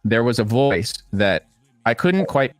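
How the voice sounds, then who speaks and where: A man giving casual, wry and animated commentary on online videos. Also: mid-range voice, unhurried, no echo, studio quality, faint music behind.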